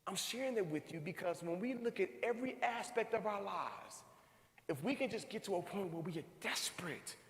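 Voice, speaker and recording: A man in his thirties giving a motivational talk to a live audience, telling a personal story with animated, acted-out reactions. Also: high-pitched. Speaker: speaker. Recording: echoey hall, long reverb.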